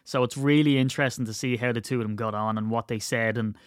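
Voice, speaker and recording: On his casual solo podcast, a man tells rambling, playful stories, now and then putting on voices. He talks fast in a mid-range voice with a steady tone, recorded in clean studio sound without echo.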